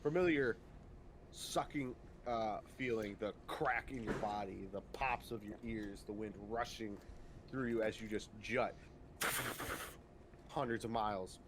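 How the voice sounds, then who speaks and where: A man with a lowish voice runs a tabletop game, narrating at an easy pace and pausing often with fillers. He talks over a home microphone on a voice call, with a faint hiss behind him. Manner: relaxed, halting narration with many fillers. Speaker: game master.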